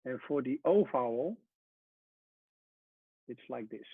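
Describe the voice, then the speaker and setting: A man teaching a Hebrew lesson at a whiteboard, explaining step by step and often trailing off softly. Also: mid-range voice, expressive, takes it slowly, slightly rough, dry recording. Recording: tinny phone-like sound.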